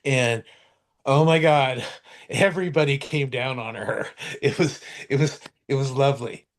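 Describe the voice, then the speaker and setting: A man with a gravelly, fry-edged voice at an ordinary middle pitch, talking casually on a podcast. He rambles, stops and restarts his sentences often, and throws in the odd swear word as he goes. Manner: rambling, halting, full of restarts and fillers. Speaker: podcast co-host. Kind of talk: casual chat reviewing TV shows.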